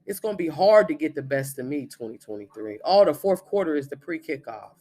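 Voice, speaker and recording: A man's voice: a little high, expressive, brisk, a little mellow. A man in his thirties, a spiritual reader, giving a blunt, profane, emphatic monologue. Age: 30s.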